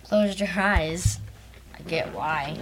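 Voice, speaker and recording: A woman's voice: lowish voice, takes it slowly, a bit bright. Young woman retelling a story. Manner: retells the story with fillers, laughs easily. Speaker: podcast co-host, host's daughter. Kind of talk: casual storytelling chat.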